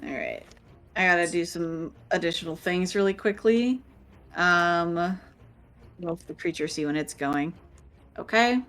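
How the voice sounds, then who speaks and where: A woman's voice: fairly low pitch, expressive, a little slow, pauses often, a bit bright. A woman running a tabletop game as game master, laid-back and joking, swearing casually.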